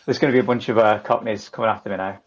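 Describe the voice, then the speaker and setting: A man's voice: lowish voice, fairly even intonation, very fast, husky, lo-fi sound. A middle-aged man from northern England with a Lancashire accent, chatting as a podcast guest in a jokey, swearing way. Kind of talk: casual chat.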